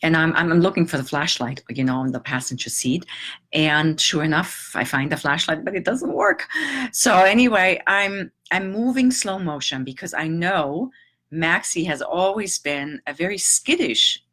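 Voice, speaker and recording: A middle-aged woman telling a personal story in a reflective, halting, emotional way, with long pauses. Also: deep voice, a bit bright. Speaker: transformational teacher.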